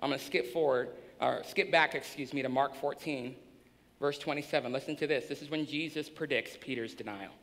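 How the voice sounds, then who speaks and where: A male pastor preaching a sermon in a church, swinging between hushed and shouting. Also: mid-range voice, brisk, vocal fry. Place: church sanctuary. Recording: long hall reverb.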